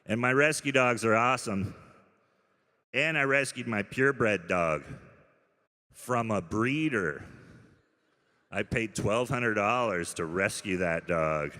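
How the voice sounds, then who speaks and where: A man doing a stand-up routine in deadpan storytelling mode, with sudden loud bursts. His voice sits fairly low and sounds bright and forceful. The live stage sound carries a long hall reverb. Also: measured pace. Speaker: stand-up comedian. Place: comedy club stage.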